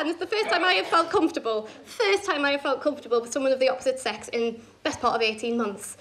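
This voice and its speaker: A brash young woman does a stand-up set on a comedy club stage, swearing and telling quick stories with punchy asides while the audience laughs. Her high voice is a bit bright, picked up on a handheld stage mic with slight background noise.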